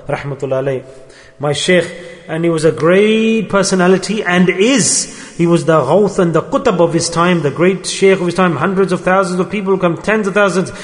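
A man preaching an earnest sermon, circling back to repeat his points and sprinkling in Arabic and Urdu religious words. His voice sits somewhat high for a man. The sound carries a long reverb. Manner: earnest, repetitive, mixes Arabic and Urdu terms. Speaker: religious teacher.

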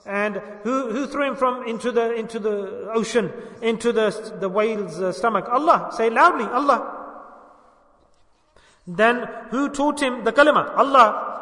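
A male preacher with a high, ringing, bright voice delivers a sermon, firing questions at his listeners and answering them himself. The sound is echoey and comes from a distance across a large hall. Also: a little slow. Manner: asks the audience questions and answers them himself, urges them to say it loudly. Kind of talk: religious sermon with call-and-response.

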